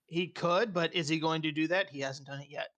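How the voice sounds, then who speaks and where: A game master narrating a tabletop game in a casual, halting way, with plenty of fillers. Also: medium pitch, fairly bright tone, muffled recording.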